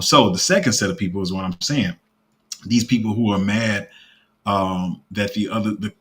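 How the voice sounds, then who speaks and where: A man giving casual commentary as a crypto YouTuber, rambling with lots of fillers and restarts, his throat a bit rough. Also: lowish voice, fairly bright tone.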